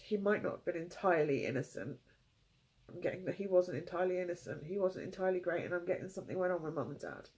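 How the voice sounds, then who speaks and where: A tearful woman reads tarot cards for her viewers. Her voice is mellow and warm, and she talks in soft, halting phrases that break off and restart as she feels her way through the reading. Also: fairly low pitch, poor audio. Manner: halting, emotional, gentle phrasing. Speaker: tarot reader.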